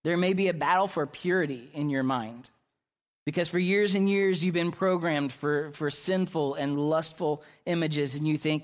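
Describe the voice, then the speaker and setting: A man's voice: a little high, moderate pace. A man preaching a sermon as pastor, emphatic and repetitive, his intensity rising and falling.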